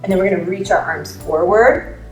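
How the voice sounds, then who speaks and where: A woman's voice: on the low side, fairly quick, echoey room, faint music behind. A woman teaching a family yoga class, upbeat and playful, making animal sounds as she guides poses.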